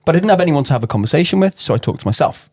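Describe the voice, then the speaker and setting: A man's voice: a little high, animated, very fast. A man from northern England, co-hosting a casual podcast chat, joking at his own expense and often restarting his sentences. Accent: northern English. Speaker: podcast co-host.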